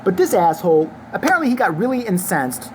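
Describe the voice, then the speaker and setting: A woman's voice: mid-range voice, very animated, fast, noisy background. Angry, foul-mouthed woman ranting. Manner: angry, crude, sarcastic. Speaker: vlogger. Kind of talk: profane opinion rant to camera.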